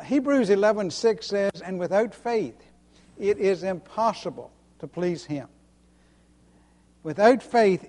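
A man preaching a sermon with a high voice that rings through a large hall with a long echo. He speaks earnestly and repeats his key lines for emphasis. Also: darkish tone.

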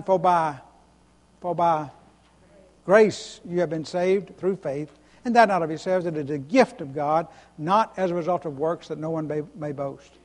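This pastor's voice sits high and has a darkish tone, with a long reverb tail behind it. Delivering his sermon emphatically, he leans on individual words, says things more than once, and puts questions to the congregation to draw their response.

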